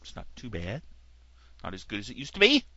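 Bright, rambling middle-aged male host. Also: lowish voice, huge pitch swings, brisk, no room sound. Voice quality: slightly gravelly. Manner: rambling, digressive, chuckling at his own jokes. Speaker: tech podcast host. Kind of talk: casual tech news commentary. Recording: dull lo-fi dry recording.

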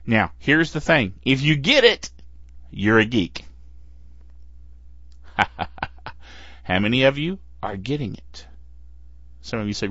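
A man's voice: medium pitch, very animated, slow pace, long pauses, a bit bright, dry recording. A man hosting a casual tech podcast, chatty and playful, laughing between phrases. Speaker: podcast host. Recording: dull, lo-fi and dry.

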